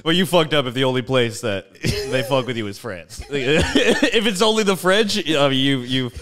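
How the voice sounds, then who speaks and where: A man's voice: mid-range voice, expressive, normal speed, fairly bright tone. A young man co-hosting a podcast, chatting casually with a loose, giggly, profane manner full of fillers. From Ontario, Canada. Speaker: podcast co-host. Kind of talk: casual comedic chat.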